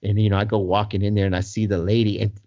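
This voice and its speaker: A man's voice: fairly low pitch, racing. A man telling a personal story casually, with lots of "you know" and acted-out voices. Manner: animated, full of "you know", acts out voices. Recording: dull lo-fi recording.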